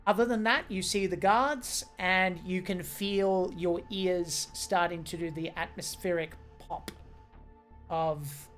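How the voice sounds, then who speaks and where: A woman narrating as game master of a tabletop game, describing scenes with many pauses and fillers. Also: fairly low pitch, steady tone, faint music behind.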